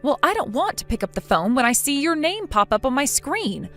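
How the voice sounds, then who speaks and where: A woman's voice: high-pitched, big pitch swings, a little fast, a bit bright, soft background music, full character voice. Synthetic woman voicing a sarcastic young wife. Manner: sarcastic, dismissive. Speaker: daughter-in-law. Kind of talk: text-to-speech chat story.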